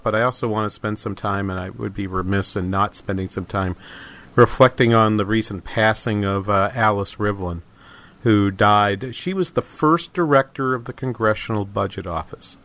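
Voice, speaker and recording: A man's voice: on the low side, normal speed, a bit bright. A middle-aged man hosting a talk radio show, speaking casually with many fillers, restarts and false starts.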